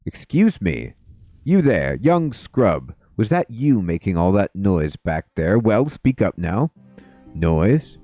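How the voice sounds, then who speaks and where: A man's voice: fairly low pitch, big pitch swings, slow, warm tone, no room sound, studio quality, soft background music. Man doing a snooty, haughty princess. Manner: snooty, curt. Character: haughty rude young princess, woman.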